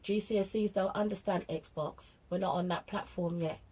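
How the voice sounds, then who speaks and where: This middle-aged British woman, a parent vlogger, gives parenting advice in a casual monologue, blunt and chatty and full of street slang as she acts out family exchanges. Her mid-range voice is steady, darkish and husky, at a moderate pace, on a low-quality recording.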